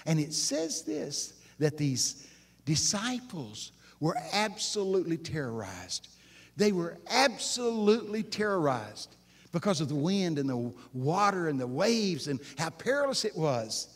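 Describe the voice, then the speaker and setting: A preacher with a fairly high voice delivers a sermon at a live conference. He is folksy and animated, dropping into hushed asides and then rising to loud exclamations. He keeps pulling the crowd in with direct questions. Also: measured pace. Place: live conference session before an audience.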